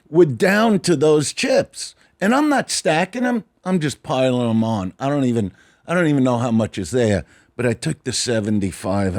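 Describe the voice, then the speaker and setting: Man telling a brash gambling story. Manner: animated, acts out dialogue, trails off into low mutters. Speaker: guest storyteller. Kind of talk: casual podcast storytelling.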